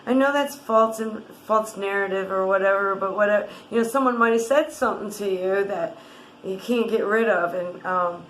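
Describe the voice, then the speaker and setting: A woman guiding a tapping exercise in a gentle, rambling way, with many fillers and restarts. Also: mid-range voice, moderate pace, reverberant, slight background noise, rough recording. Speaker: wellness guide.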